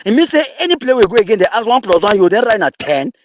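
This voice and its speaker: A man's voice: sits high, sing-song, fast, background noise. A man with a Cameroonian English accent mixing in Pidgin, angrily insulting an opponent in an online audio debate. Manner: angry, insulting, mocking.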